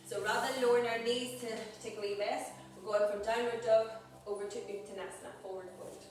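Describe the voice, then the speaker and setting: Yoga teacher, woman, slightly high voice, heard from across an echoey studio, cheering on her group. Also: steady tone, fairly quick, darkish tone. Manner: encouraging, cueing breaths and poses. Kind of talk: guiding a live group class. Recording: echoey room, voice far from mic, background noise.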